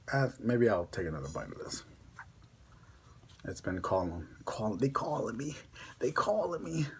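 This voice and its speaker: A man's voice: lowish voice, husky. A young man with a Connecticut accent chatting casually to camera as a vlogger, rambling with lots of fillers. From Connecticut, USA.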